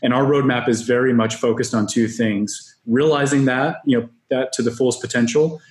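A man as a software company guest on a podcast, upbeat business talk with frequent restarts. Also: mid-range voice, fairly even intonation, moderate pace. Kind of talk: podcast interview. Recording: roomy echo.

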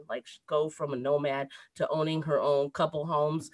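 Lively storytelling woman with a dry, close sound. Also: low voice, brisk, hardly any pauses, no room sound. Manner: animated storyteller, laughs through a sad tale. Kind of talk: casual chat.

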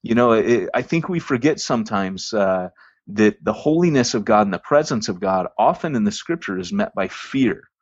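A man's voice: lowish voice, animated, moderate pace, husky, dry recording. A man hosting a podcast, telling a long church story in a rambling, casual way with many ums and restarts. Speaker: podcast host. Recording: dry, dull lo-fi sound.

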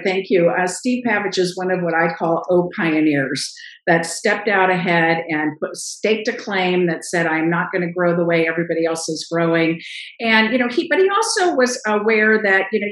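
Middle-aged woman guest, lively storyteller, roomy echo on the voice. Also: mid-range voice. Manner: animated storyteller, acts out quoted voices. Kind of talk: casual interview storytelling.

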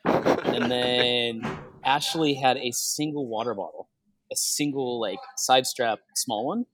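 A man's voice: mid-range voice, slow, noisy background. A young man hosting a casual podcast chat, telling stories with laughs along the way. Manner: laughing, animated storytelling. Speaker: podcast host.

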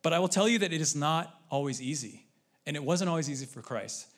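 A man with a somewhat high voice preaches to his church. He speaks earnestly, in a plain conversational tone. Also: animated, quick pace. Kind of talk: sermon.

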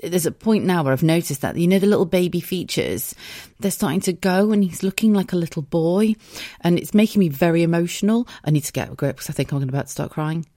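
A woman in her thirties from the UK, hosts a casual solo podcast from her bedroom. Her voice sits low, and the recording is dry and close, with no room sound. She talks openly and emotionally, laughing often and swearing freely. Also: fast, warm tone, dry recording. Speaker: podcast host. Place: bedroom at home.

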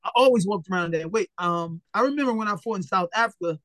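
A man with a notably high speaking voice, recorded close and dry with no room sound. He tells his stories as an interview guest in a blunt, animated way, full of profanity, and slips into the voices of the people he quotes. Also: quick pace, no echo. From Philadelphia, USA. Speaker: retired boxer, interview guest. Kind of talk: casual storytelling interview.

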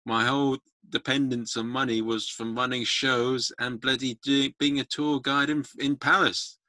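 A man's voice: mid-range voice, flat delivery, normal speed, pushed and bright, dry recording. A man hosting a podcast, chatting casually and making self-mocking jokes that ramble a little. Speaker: podcast host. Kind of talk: casual chat.

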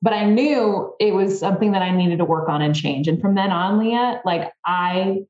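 A woman guest on a podcast, telling a story in a casual, animated way with a lot of "like". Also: medium pitch, normal speed, echoey room, highs cut off. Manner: animated, fillers with "like", acts out her own thoughts. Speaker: podcast guest, former softball player.

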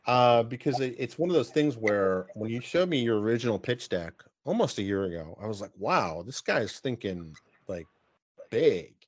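Casting note: chatty male podcast host, dry close sound, mid pitch. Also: animated, a little fast, few pauses, no echo. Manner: chatty, rambling with fillers and restarts. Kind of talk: casual video-call interview.

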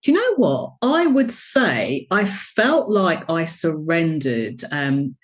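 A woman with a fairly low voice tells her story as an interview guest. She speaks candidly and expressively. Her tone is reflective. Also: sing-song, slow. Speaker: interview guest, business coach.

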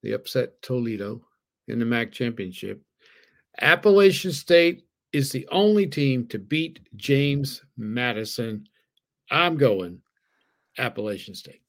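A man's voice: mid-range voice, lively intonation, measured pace, fairly bright tone. A man co-hosting a sports betting podcast, giving picks in an easygoing way and thinking aloud with fillers. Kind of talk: casual sports betting chat.

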